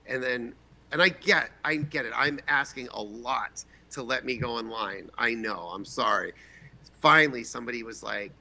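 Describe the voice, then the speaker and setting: A man in his forties from the Boston area, a guest filmmaker telling a lively, profane anecdote and acting out the voices in it. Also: medium pitch, normal speed, vocal fry. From Boston area, USA. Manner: animated, profane, acts out voices in his stories. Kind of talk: casual storytelling anecdote.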